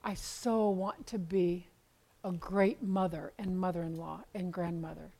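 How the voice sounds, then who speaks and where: A woman's voice: fairly low pitch, fairly even intonation, unhurried, dark tone, low-quality recording. Woman, 70s, Bible study teacher; candid, conversational storyteller with dry self-deprecating humor.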